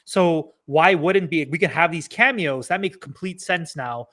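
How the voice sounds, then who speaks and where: A man in casual chat about a movie trailer, relaxed, laughing easily and swearing now and then. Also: a little high, a little slow. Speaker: podcast guest.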